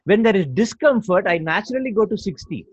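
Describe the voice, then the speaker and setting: A man's voice: high-pitched, lively intonation, a little fast, breathy edge, no echo. A man teaching about awareness, explaining step by step and acting out little stories. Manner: didactic, repeats points, acts out quotes. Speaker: guest speaker. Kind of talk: explanatory talk with storytelling. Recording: dull lo-fi recording, faint music.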